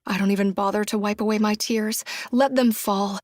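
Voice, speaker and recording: A woman's voice: medium pitch, fairly even intonation, moderate pace, darkish tone, dry recording. A woman giving intense, emotional first-person narration of a thriller audiobook on a close studio mic.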